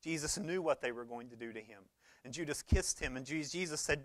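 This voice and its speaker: A man, preaching a conversational sermon that swings between loud emphasis and quiet low talk. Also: brisk, no echo. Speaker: pastor.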